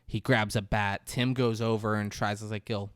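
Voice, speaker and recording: Animated man recapping a movie. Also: lowish voice, moderate pace, clear, resonant tone, dry recording, clean studio sound. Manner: animated retelling with acted-out quotes. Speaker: podcast co-host. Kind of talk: casual movie recap chat.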